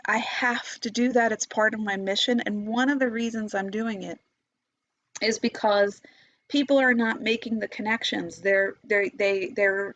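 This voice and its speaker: Her mid-range voice has a fairly bright tone as this meditation teacher rants passionately and without a script, swearing freely and restarting her sentences. The lo-fi recording sounds dull and dry, with no room sound.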